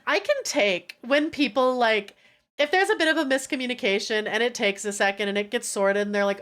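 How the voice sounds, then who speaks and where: High-voiced woman streamer telling a story. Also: fairly quick. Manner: profane, exasperated, animated storytelling. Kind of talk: casual storytelling rant on stream.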